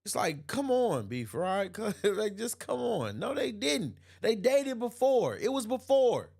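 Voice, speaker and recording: A man's voice: high voice, big pitch swings, slow, vocal fry, darkish tone, husky. A man hosting an opinion livestream, reading chat comments aloud and answering them emphatically, often repeating himself and laughing. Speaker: host.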